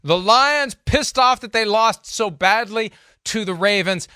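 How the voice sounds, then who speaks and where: A man with a high, smooth voice reads off spreads and trivia in a wry, deadpan way, slipping in jokes. The sound is crisp and dry, right on the mic. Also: unhurried, no room sound. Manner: wry, deadpan delivery of stats and picks. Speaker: co-host, football reporter. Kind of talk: casual sports chat.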